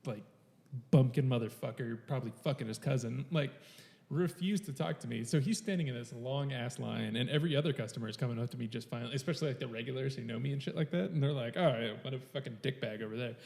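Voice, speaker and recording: A man's voice: medium pitch, fast talker, vocal fry, mellow, long reverb tail. A man co-hosting a podcast, telling a work story casually, blunt and full of swearing. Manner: blunt and profane, swears freely. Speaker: podcast co-host. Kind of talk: casual chat, telling stories.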